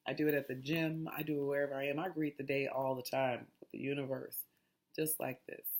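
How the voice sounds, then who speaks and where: A woman's voice: a bass voice, flat delivery, brisk, a little mellow. A woman hosting a casual mindfulness talk, reading aloud in a chatty, digressive way and often restarting her lines. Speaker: host.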